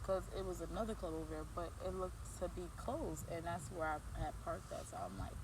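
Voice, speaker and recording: A woman's voice: fairly low pitch, expressive, fairly quick, background noise. A woman vlogger telling a casual storytime, rambling with lots of fillers and restarts.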